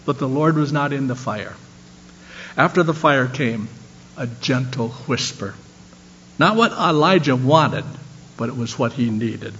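An older man preaching a sermon, telling stories and swinging between animated lines and soft, low ones. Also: measured pace, long pauses, a little hiss or hum. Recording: dull lo-fi sound.

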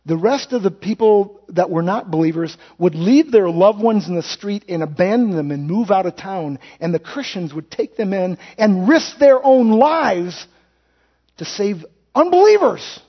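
A man with a high-pitched voice delivers a sermon, telling folksy stories and acting out quotes as he goes. He catches and corrects his own slips as he talks. The recording sounds dull and lo-fi. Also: animated, unhurried, slightly rough. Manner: storytelling with acted-out quotes; folksy, with self-correcting restarts. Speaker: pastor.

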